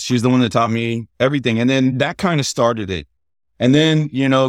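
A man's voice: mid-range voice, no room sound. Middle-aged guy from the us telling stories on a podcast, laughs a lot, dry close mic. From United States. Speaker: podcast guest. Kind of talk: casual storytelling chat.

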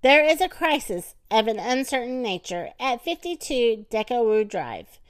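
A woman's voice: on the high side, sing-song, normal speed. Eugenia: a woman voicing a bossy, stubborn old lady. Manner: loud, blunt, domineering. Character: bossy, stubborn older woman, the elder sister.

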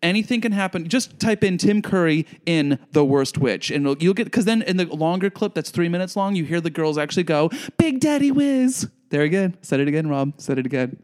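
A man with a fairly high voice co-hosts a casual podcast chat. He talks in an animated, gushing way and slips into little sung quotes. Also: a little fast, few pauses. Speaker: podcast co-host.

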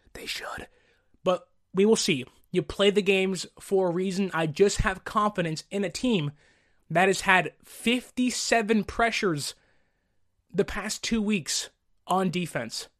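A man hosting a solo sports podcast with a sick voice, talking with confidence and repeating his points for emphasis. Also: sits high.

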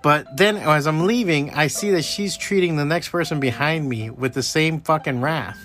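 A man's voice: a little high, normal speed, faint music behind. Profane ranting man podcaster. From Miami area. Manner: profane, heated, animated storytelling. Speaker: podcast host. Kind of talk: casual solo rant.

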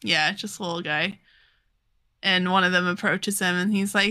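A woman's voice: fairly low pitch, steady tone, sharp tone, smooth. A young woman co-hosting a podcast, recapping a manga in casual chat, laughing often and acting out the characters' lines. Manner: giggly, acts out characters' lines in quick voices. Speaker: podcast co-host.

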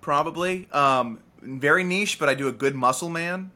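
A man co-hosting a podcast in casual chat, playful and quick to riff and joke. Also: a little high, pushed and bright. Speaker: podcast co-host.

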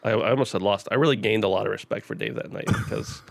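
A man co-hosting a casual podcast, easygoing and quick to laugh, chiming in with short remarks. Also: on the low side, creaky. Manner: easygoing, laughs often, chimes in briefly. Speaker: podcast co-host. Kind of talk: casual chat.

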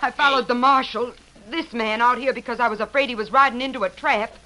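A brave young frontier woman in a 1940s radio play, determined and direct. Her voice is high and bright, with a crisp edge. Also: fairly even intonation, brisk, low-quality recording. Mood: tense.

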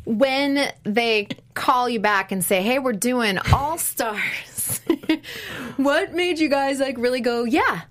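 A woman hosting a casual interview, chatty and quick to laugh and finish the guest's thoughts. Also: high voice. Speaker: interviewer, host.

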